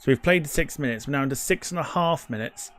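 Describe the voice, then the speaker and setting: A man's voice: fairly high pitch, fast talker, fairly bright tone. A man hosting a live football watchalong, ranting heatedly and swearing constantly about the referees. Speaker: watchalong host.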